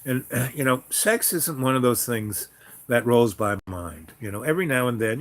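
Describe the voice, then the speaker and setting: A man's voice: mid-range voice, moderate pace, fairly bright tone. Rambling, frank male storyteller. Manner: rambling and frank, many fillers and restarts. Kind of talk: casual spoken storytelling.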